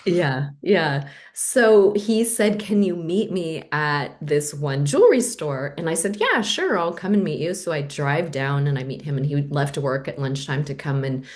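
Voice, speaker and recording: A middle-aged woman, a podcast guest, telling a personal story in a candid, animated way and acting out the voices she quotes. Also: low-pitched, measured pace, few pauses.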